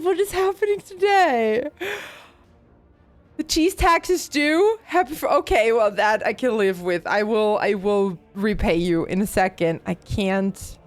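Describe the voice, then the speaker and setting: A woman streaming a horror game live, talking to chat and often panicking with shrieks and laughter. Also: medium pitch. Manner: panicky, frequent screams and laughter.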